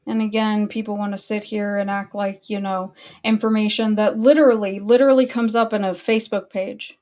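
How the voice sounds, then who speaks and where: A woman's voice: medium pitch, fairly even intonation, fairly quick, darkish tone. Annoyed woman ranting casually. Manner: annoyed, blunt, swears freely. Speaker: online commentary host.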